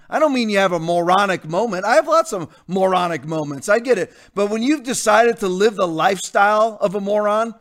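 A man's voice: high-pitched, a bit bright. A man preaching as a pastor in a blunt, defiant rant, repeating his points for emphasis. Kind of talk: combative sermon rant.

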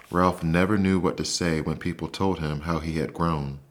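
Deep-voiced man narrating bedtime stories. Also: fairly even intonation. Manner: soft, slow, soothing. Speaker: podcast host and narrator. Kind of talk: calm bedtime story narration.

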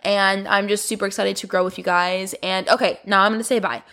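A woman's voice: medium pitch, little pitch movement, fairly quick, fairly bright tone. A young woman hosting a solo motivational podcast, giving an affectionate, emotional pep talk and calling her listeners baby. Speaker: podcast host.

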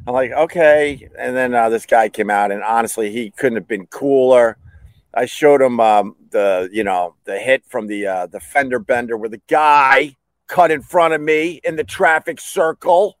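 A man's voice: medium pitch, normal speed, dry recording. Dry-sounding man telling a rambling story. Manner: rambling, self-mocking, full of restarts and acted-out dialogue. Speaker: podcast host. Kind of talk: casual storytelling monologue.

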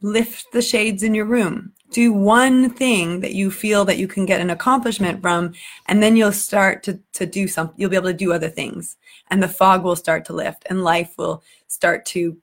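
A woman's voice: medium pitch, steady tone, normal speed. A woman hosting a casual vlog for her community, speaking earnestly and with open emotion. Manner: earnest, warm-hearted, a little emotional. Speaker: community group host. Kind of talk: casual heartfelt vlog talk.

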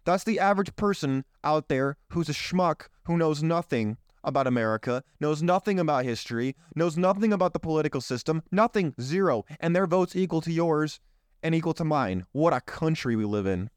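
A man's voice: on the high side, lively intonation, fairly quick, smooth, no room sound. Man, political commentary host, indignant, rhetorical, rambling, resonant voice, dry sound. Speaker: show host.

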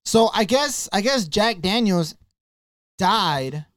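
A man's voice: sits high, takes it slowly, no room sound. Profane podcast co-host, man, dry sound. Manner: profane, animated storytelling. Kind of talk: casual podcast chat.

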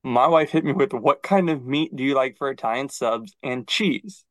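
A man co-hosting a podcast, chatting casually and acting out quoted dialogue in an animated storytelling manner. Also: mid-range voice, normal speed, no echo, poor audio. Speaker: podcast co-host. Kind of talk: casual chat.

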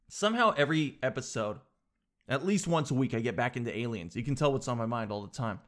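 A man's voice: medium pitch, expressive, quick pace, a bit bright. A young man hosting a casual solo show, rambling and joking in a slangy way. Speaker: podcast host.

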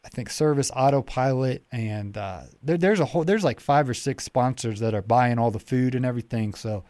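A man's voice: mid-range voice, fairly quick, darkish tone, dry recording. A man hosting a podcast, chatting casually in a rambling way with many restarts. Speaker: podcast host. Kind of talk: casual interview chat.

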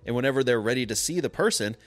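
A man co-hosting a casual podcast, telling crude stories with lots of swearing and quick mimicked voices. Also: mid-range voice, soft background music. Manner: animated storyteller, mimics voices mid-story. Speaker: podcast co-host.

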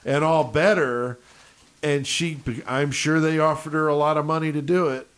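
A man's voice: a little high, normal speed, smooth. A man from Connecticut chatting on a podcast, spinning a long story and cursing freely. He acts out his own reactions in quoted lines. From Connecticut, USA. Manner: profane storyteller, animated when quoting himself. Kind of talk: casual chat.

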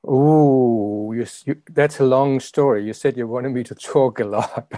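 A man from Europe who works as a life coach, talking in a hesitant, halting way as a podcast guest. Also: medium pitch, dark tone, dry recording. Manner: hesitant, halting, repeats words. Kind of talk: casual interview chat.

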